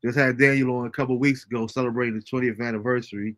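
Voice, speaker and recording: Man, host, casual livestream chat, relaxed, chuckling, mid-pitched. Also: very fast. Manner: laid-back, chuckling often, fillers like um. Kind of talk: casual livestream chat, reading viewer comments.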